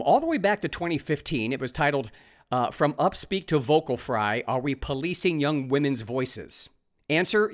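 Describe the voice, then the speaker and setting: Sarcastic ranting man with a lively voice. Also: fairly high pitch. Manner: reads articles aloud with running commentary. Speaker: podcast host. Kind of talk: opinionated solo monologue.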